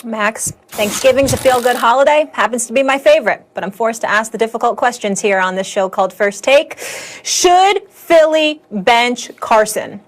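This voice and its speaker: A woman's voice: on the high side, normal speed. A woman moderating a studio sports show, poised as she poses questions to the panel.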